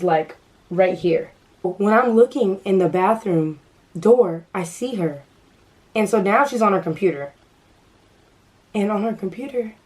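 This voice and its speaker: A woman's voice: medium pitch, darkish tone, low-quality recording. A young woman vlogger telling a story to camera, casual and nervous, stuttering and restarting often. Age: young adult.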